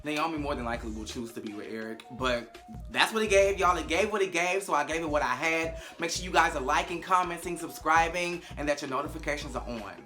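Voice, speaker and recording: A young woman, recapping a TV episode to camera, profane and animated, acting out the scenes with big vocal swings. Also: sits low, fairly quick, soft background music. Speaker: TV recap vlogger. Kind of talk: casual recap commentary to camera.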